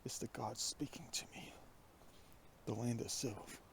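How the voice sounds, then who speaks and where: Guy vlogging on a foggy hill, half whispering, mid pitch, low-key and thoughtful. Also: steady tone, a little slow, vocal fry, a little hiss or hum. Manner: hushed, half-whispered, reflective. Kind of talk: musing outdoor vlog. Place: outdoors on a foggy hillside. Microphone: iPhone with plugged-in headset.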